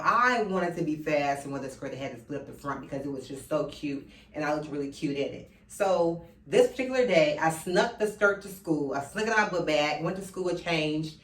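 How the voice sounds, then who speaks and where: A woman in her thirties giving an earnest personal monologue. She speaks straight to her listeners and keeps coming back to the same phrases. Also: on the low side. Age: 30s. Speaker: speaker addressing men. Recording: roomy sound from a distant mic.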